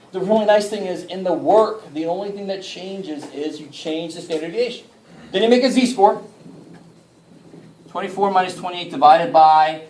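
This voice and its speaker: Joking math teacher in an echoey classroom. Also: male voice, fairly high pitch, darkish tone, distant mic, slight background noise. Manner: informal and joking, mild swearing, asks the class for help. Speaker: math instructor. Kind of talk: casual classroom lecture. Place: college classroom. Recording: echoey room picked up from afar.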